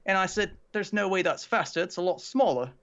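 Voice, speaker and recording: A man's voice: sits high, lively intonation, brisk, a bit bright, highs cut off, pitched above the performer's own voice. A man voicing an oblivious, stubborn tech customer in a put-on Australian accent, rambling a bit nervously. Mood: indignant.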